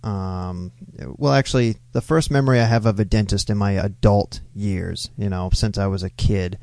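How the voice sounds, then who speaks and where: A man's voice: fairly low pitch, steady tone, moderate pace, vocal fry, a little mellow, no room sound. A man co-hosting a casual podcast, telling stories in a laid-back way and swearing often, close to the mic. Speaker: podcast co-host. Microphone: close studio mic.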